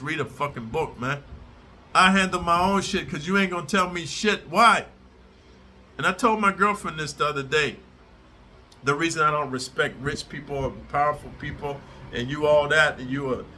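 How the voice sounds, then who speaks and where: A man's voice: a little high, pushed and bright, a little hiss or hum. Fiery, profane male ranter. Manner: aggressive, profane, confrontational. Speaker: prison storyteller channel host. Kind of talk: profane direct-to-camera rant.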